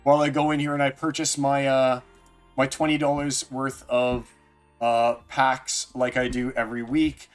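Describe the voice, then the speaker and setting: A man's voice: medium pitch, little pitch movement, moderate pace. A man streaming live, chatting casually and jokily with viewers by name. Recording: faint music underneath.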